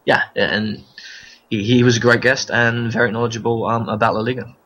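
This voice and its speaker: Male co-host, low flat voice, quick delivery, dull lo-fi mic. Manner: hesitant, lots of ums and restarts. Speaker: podcast co-host. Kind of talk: casual chat.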